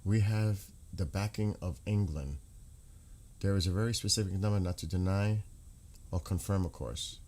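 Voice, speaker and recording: A man with a low voice hosts a casual livestream. He reads viewer comments aloud and answers them as he searches websites. He talks into a desk microphone. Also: steady tone, normal speed, dark tone. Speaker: livestream host reading chat.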